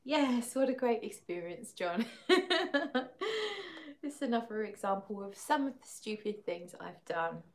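A woman's voice: medium pitch, expressive, unhurried, slight background noise. A woman chats casually on a livestream, laughing often and reading viewers' comments aloud. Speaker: fragrance livestream host.

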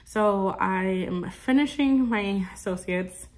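A woman in her twenties chats casually in a vlog, rambling with lots of fillers and cooing to her pet. She speaks slowly at a medium pitch, with background noise behind her.

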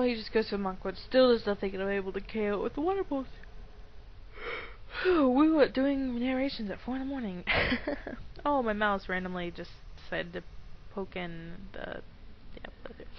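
A young woman giving rambling, giggly let's play commentary at home on a dull, lo-fi mic. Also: mid-range voice. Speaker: gamer. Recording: dull lo-fi mic with faint noise.

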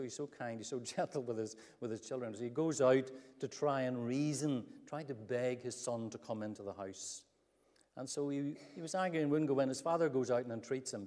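A man's voice: medium pitch, a little mellow. A man preaching a sermon, telling a Bible story earnestly and acting out the quoted speech. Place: church hall. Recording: long church hall reverb.

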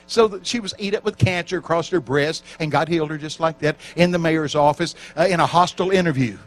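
A man preaching at a church camp meeting, telling stories with lively acted-out voices and shouting for emphasis. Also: fairly high pitch, fairly quick. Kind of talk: storytelling sermon.

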